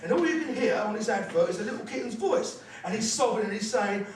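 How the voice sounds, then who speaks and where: A man's voice: high voice, expressive, fast talker, slight background noise. A man doing a crude, sweary stand-up set, ranting through his punchlines. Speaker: stand-up comedian. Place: comedy club stage with live audience. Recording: echoey live club, far-off mic, loud crowd.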